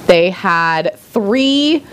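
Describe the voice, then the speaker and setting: Lively woman chatting casually. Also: medium pitch, very slow, clean tone. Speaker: podcast co-host. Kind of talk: casual chat.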